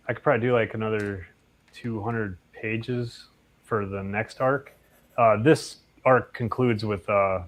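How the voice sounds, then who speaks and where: A man, a comic creator and guest, answering casually and hesitantly with many ums. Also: on the low side. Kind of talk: casual interview chat.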